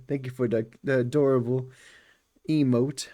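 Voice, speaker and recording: A man's voice: mid-range voice, fairly even intonation, unhurried, dark tone, dry recording, studio quality. A man streaming a game live, making playful joking asides to chat.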